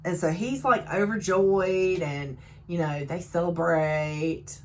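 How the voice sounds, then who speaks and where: A woman casually recapping a novel, telling the story in an animated way with laughs and asides. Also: lowish voice, slow, a little hiss or hum. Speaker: book reviewer.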